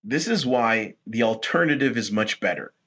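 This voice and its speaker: A man hosting rambling political commentary, talking in a rhetorical, animated way. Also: mid-range voice, normal speed. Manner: animated, rhetorical, laughs at his own points.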